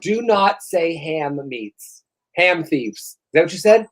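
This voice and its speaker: A woman hosting a comedy podcast, telling stories in an animated, profane way and working herself up as she talks. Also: on the low side, slow pace. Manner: profane, animated storyteller who gets worked up. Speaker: podcast host. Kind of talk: comedic casual chat.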